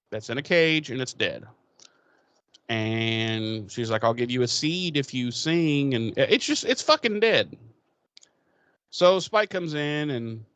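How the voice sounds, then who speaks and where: A man on a podcast, casually retelling an episode with plenty of swearing and offhand paraphrase. His voice sits at an ordinary middle pitch and sounds close and dry, with no room around it. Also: fairly bright tone, clear, resonant tone, no echo. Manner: loose and profane, paraphrasing characters' lines. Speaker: podcast co-host.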